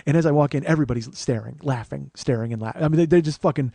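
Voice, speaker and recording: A man in his forties telling a long personal story as host, profane, animated and self-mocking. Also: medium pitch, racing, creaky, few pauses, dry recording. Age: 40s. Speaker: podcast host.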